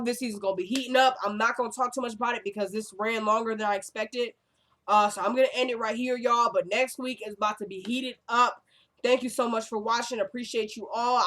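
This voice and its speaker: Her voice on the high side and fairly bright, a young woman chats her way through a TV episode recap, performing characters' lines as she retells scenes and peppering in plenty of "like" and "y'all."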